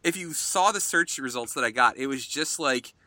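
Lively, bright-voiced man joking around. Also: medium pitch, normal speed, slight background noise. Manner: animated, profane, jokey. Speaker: podcast co-host. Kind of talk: casual chat.

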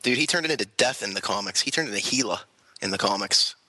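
A man's voice: fairly low pitch, expressive, quick pace, bright, forceful tone, slightly rough, no echo. A man talking in a blunt, crude, heckling way in a casual group chat.

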